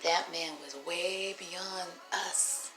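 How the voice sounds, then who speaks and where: A woman telling a rambling personal story in a casual vlog, animated and profane, laughing often. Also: on the low side, very slow, music in the background. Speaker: vlogger. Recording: roomy echo.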